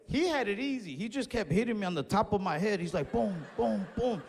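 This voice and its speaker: There's slight background noise and long stage reverb as a young man with a high-pitched voice rattles off a profane stand-up story at speed. Animated and loose, he acts out the voices of others.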